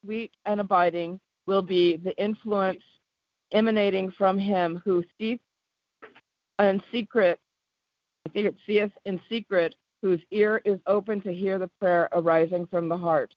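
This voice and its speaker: A woman caller reading a devotional passage aloud, halting and stumbling over a few words. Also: mid-range voice, fairly even intonation, no room sound. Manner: halting, with small slips and restarts. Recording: muffled dry phone-call line.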